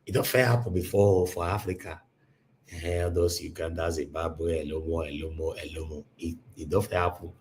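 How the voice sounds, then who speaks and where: Nigerian man, live-stream host, low voice, emphatic and repetitive, pidgin mixed in, faint room hum. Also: fairly even intonation, moderate pace. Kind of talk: casual live-stream monologue.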